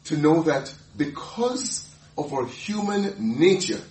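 A man preaching a sermon, emphatic and animated, often laughing and repeating words as he explains a passage. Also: a little high, takes it slowly, echoey room, far from the mic, rough recording. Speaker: pastor.

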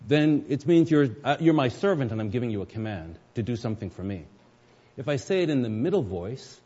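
A man's voice: medium pitch, sing-song, normal speed, mellow, slightly rough. A male pastor preaching a sermon to his congregation, explaining scripture step by step and addressing the listeners directly. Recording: dull, lo-fi recording with long hall reverb.

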